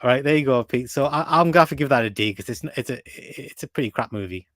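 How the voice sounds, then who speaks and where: A man's voice: mid-range voice, quick pace, fairly bright tone, dry recording. A man co-hosting a casual movie review chat, rambling with frequent fillers and repeated words. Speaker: podcast co-host.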